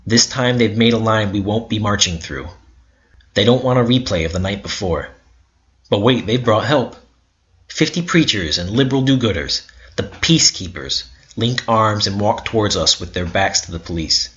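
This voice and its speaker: A man's voice: on the low side, lively intonation, moderate pace, fairly bright tone. A man giving an intense, bitter first-person narration of a story. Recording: dull lo-fi recording.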